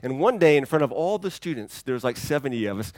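A pastor preaching in a conversational, dynamic way, swinging from loud, emphatic lines to hushed ones. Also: male voice, mid-range voice, big pitch swings, fast talker, no room sound. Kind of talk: sermon.

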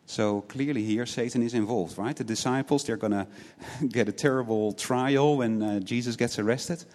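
In a hall with long reverb, a man preaches sincerely in a darkish, medium-pitched voice at normal speed, barely pausing. He repeats words when he restarts and leans on rhetorical questions, tacking "right?" onto his points.

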